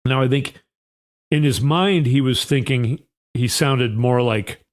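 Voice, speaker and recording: A man's voice: mid-range voice, takes it slowly. A man hosting a political commentary show, sarcastic and often sighing. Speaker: host.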